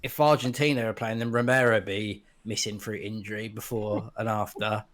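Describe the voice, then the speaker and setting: A man's voice: on the low side, steady tone, normal speed, a bit bright. A man chatting bluntly on a football podcast. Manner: blunt, dismissive. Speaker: podcast co-host. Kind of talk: casual podcast chat.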